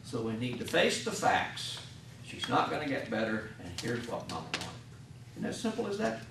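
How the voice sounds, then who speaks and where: Recorded from a distance in an echoey room with background noise, a hospital chaplain instructor lectures his class in a folksy manner, playing out small scenes with patients and their families. His medium-pitched voice is creaky, swings hugely in pitch, and moves at a moderate pace.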